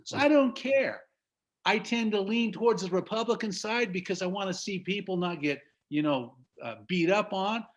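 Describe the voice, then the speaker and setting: Middle-aged american guy on a zoom call, pumped up, preachy, kinda high voice. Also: moderate pace, few pauses. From United States. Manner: emphatic, preachy, laughs at own stories. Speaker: business trainer. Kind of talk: motivational talk on a video call. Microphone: video call.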